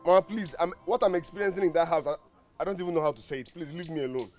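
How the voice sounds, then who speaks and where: A man's voice: on the high side, rapid-fire, over music, lightly acted. A man playing a weary, humiliated Nigerian son. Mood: despairing. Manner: weary, pleading to be left alone. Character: weary, humiliated grown son, a fake soldier. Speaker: troubled husband of several wives.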